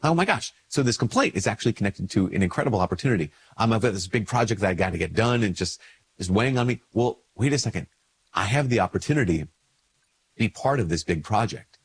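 Husky-voiced priest with a head cold. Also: male voice, animated, quick pace. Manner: conversational, acts out little dialogues with lifted pitch. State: congested with a cold. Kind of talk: casual spoken reflection to camera.

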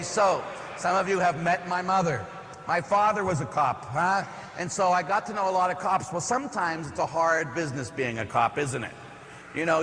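The speaker is a parish priest from around Pittsburgh, delivering a storytelling-style homily full of rhetorical questions and asides. His fairly high, slightly bright voice carries a little hiss or hum, recorded in an echoey church hall with faint ambience.

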